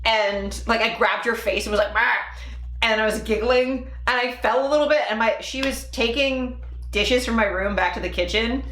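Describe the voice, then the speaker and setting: A woman's voice: a little high, normal speed, a bit bright. A young woman streaming live, telling rambling stories in a casual, profane and giggly way. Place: home room. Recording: echoey room.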